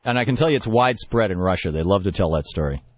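A man's voice: lowish voice, animated, fast, no echo, muffled recording. A man hosting a radio talk show, telling a long story and then ranting emphatically about politics. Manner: rambling storyteller, building to emphatic rant. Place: radio studio.

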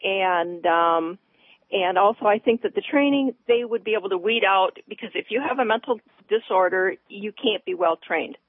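Husky female caller over a phone. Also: medium pitch, moderate pace, no room sound. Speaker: radio caller. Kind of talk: call-in radio caller. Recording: tinny phone line.

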